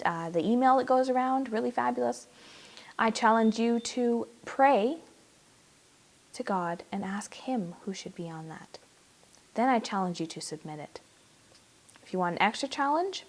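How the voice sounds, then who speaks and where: A young adult woman, a guest preacher, giving a sermon and telling a story with animated, acted-out quotes. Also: mid-range voice. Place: church.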